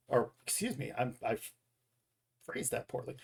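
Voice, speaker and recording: Gravelly guy streaming a game, reads dad jokes to chat, keeps fixing how he said stuff. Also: mid-range voice, animated, unhurried, a little mellow. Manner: rambling, self-correcting, chuckles at own jokes. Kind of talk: casual live stream chat.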